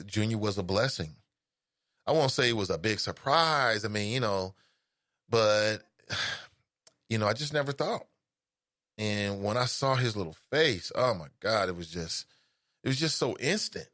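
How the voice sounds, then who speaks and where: Fairly low in pitch yet pushed and bright, the voice belongs to a middle-aged Cincinnati radio host whose Ohio accent comes through. He hosts a casual call-in show, rambling along and joking with listeners in asides. Dry, clean studio sound.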